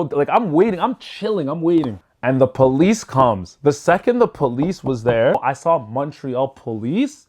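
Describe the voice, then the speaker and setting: A man with a somewhat high-pitched voice tells a story straight to camera. He is animated and loose, swearing freely and leaning on "like" and "you know" as he goes. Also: unhurried, hardly any pauses. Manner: animated, swears freely, chatty with lots of fillers. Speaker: storyteller vlogger. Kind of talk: casual story time.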